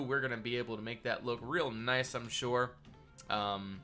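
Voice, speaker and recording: A man's voice: medium pitch, normal speed, a bit bright, faint music behind. A man live-streaming a building session, chatting casually with viewers and greeting them by name, his voice nasal and congested from a cold.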